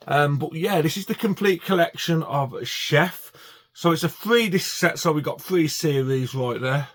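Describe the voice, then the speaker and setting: A man chatting casually to camera about his DVD collection, enthusiastic and full of fillers and restarts. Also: a little high.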